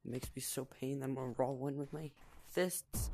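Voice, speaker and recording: A man's voice: medium pitch, fairly even intonation, takes it slowly, long pauses, background noise. A man giving casual, playful gameplay commentary as a video creator, giggling, teasing other players and sometimes dropping into whispers.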